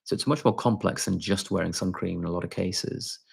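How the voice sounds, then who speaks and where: A man's voice: low voice, fairly quick, gravelly, darkish tone, slightly rough. A man, a doctor, casually answering viewers' chat questions on a live stream, talking with many fillers and restarts.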